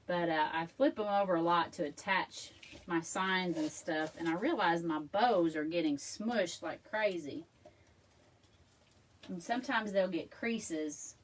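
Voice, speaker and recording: A woman's voice: lowish voice, recorded from a distance. A chatty woman, hosting a casual home craft tutorial. She laughs often and talks straight to her viewers as she works. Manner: chatty and self-deprecating, laughs often, addresses viewers as y'all. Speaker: crafting video host. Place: home craft room, indoors.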